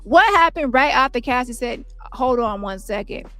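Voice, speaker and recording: A woman reading the part of an attorney questioning a witness in court, with brisk, pointed questions and faint music behind. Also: fairly high pitch, animated, a bit bright, no room sound, pitched above the performer's own voice. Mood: probing.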